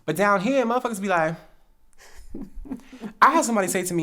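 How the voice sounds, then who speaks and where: A woman's voice: medium pitch, brisk. A woman from New Jersey hosting a podcast, telling a story with lots of laughs and acted-out quotes. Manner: animated, acts out quoted dialogue, frequent laughs. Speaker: podcast host. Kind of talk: casual storytelling chat.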